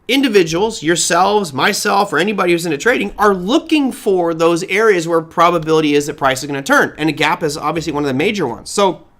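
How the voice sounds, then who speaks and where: A middle-aged man runs a live market-commentary stream and fields viewer questions. For a man his voice is fairly high, and his delivery is loose and animated, with rhetorical questions and quick restarts.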